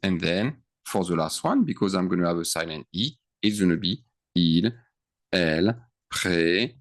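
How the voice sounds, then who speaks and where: Here a man with a low, expressive voice teaches French verb endings at a moderate speed. He's patient, elongates his words and keeps checking on his students while writing out the explanation.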